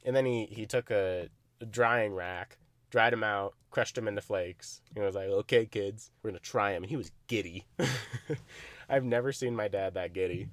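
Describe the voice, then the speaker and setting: A young man co-hosting a podcast, telling stories in a casual chat, animated, often laughing and swearing. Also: fairly low pitch, unhurried, dry recording. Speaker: podcast co-host.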